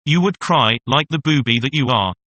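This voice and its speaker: A sharp-tongued young mistress who mocks her older lover, read by a man. The voice is bright and clear, with a teasing, scornful edge. It is told as a classic audiobook tale. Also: mid-range voice, lively intonation, moderate pace, highs cut off. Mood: mocking. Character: young woman, mocking kept mistress. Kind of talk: audiobook reading.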